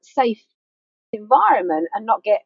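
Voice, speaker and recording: A woman's voice: medium pitch, sing-song, measured pace, vocal fry, husky, no echo. A woman grief counsellor giving an earnest, conversational teaching talk to camera, repeating key words for emphasis. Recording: dull faulty mic sound.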